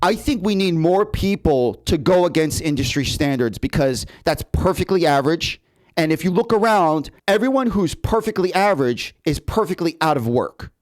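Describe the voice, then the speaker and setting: In casual conversation on his podcast for actors, a man spins stories with lots of animation, stumbling and doubling back on words as he goes. His voice is a little high and moves at a moderate pace.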